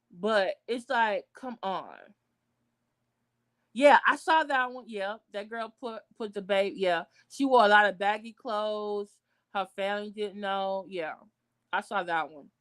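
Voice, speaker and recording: Woman vlogger, livestream commentary; outraged, cursing freely, animated outbursts. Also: measured pace. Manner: blunt, outraged and profane; animated, with sudden high outbursts.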